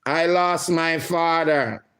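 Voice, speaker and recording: A middle-aged man hosting a livestream, reading viewer comments aloud in a slow, emotional way. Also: a little high, fairly bright tone. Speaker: livestream host.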